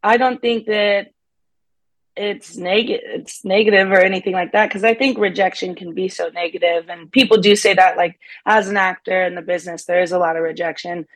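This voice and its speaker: Young woman, guest actress, chatty and upbeat, quick laughs, dry close recording. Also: mid-range voice, steady tone, no echo. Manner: upbeat, laughs often, many fillers like "like". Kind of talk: casual interview chat.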